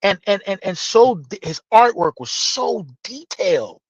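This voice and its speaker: A man telling a story in casual podcast chat, animated and profane, acting out the dialogue. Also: high voice, unhurried, husky, no echo. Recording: dull, slightly lo-fi dry sound.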